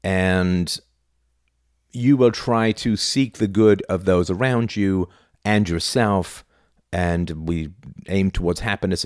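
A man's voice: sits low, no echo, studio quality. A man giving an unscripted philosophy lecture in a blunt, opinionated way, with sudden emphatic jumps in his voice.

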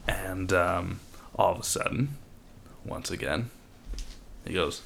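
A man's voice: sits low, slow pace, vocal fry, a bit bright, a little hiss or hum. A man co-hosting a podcast, brainstorming a story and acting out its characters' lines. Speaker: podcast co-host. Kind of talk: casual brainstorming chat.

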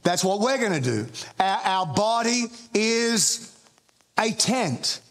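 Pastor, male, high-pitched, joking asides, rising emphasis on scripture. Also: very animated, slow, a bit bright. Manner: humorous storytelling with frequent restarts; builds emphasis when quoting scripture. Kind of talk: sermon.

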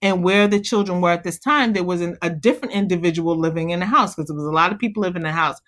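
In a conversational interview, a woman guest speaks earnestly and encouragingly about motherhood, getting more animated when she tells stories. Her voice is on the low side and she talks at a racing pace.

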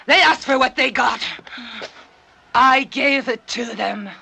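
A woman's voice: high-pitched, takes it slowly, gravelly, bright, forceful tone, husky, heavily acted. An actress playing a frantic woman who raves and shrieks about breaking the people she cursed, in a dubbed film scene. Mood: raving.

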